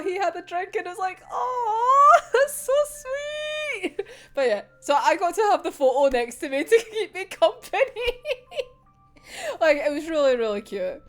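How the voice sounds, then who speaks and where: A woman's voice: a little high, a little mellow. A Scottish woman from Scotland, vlogging in a casual chat, rambling with lots of "like", swearing and frequent laughter. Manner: rambling, laughs often, swears, says 'like' a lot. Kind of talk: casual chatty vlog.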